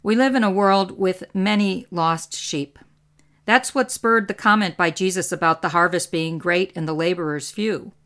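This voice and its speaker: A woman with a slightly low voice gives an earnest faith podcast talk. She speaks in a gently instructive way into a podcast mic. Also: moderate pace. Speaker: podcast host and author.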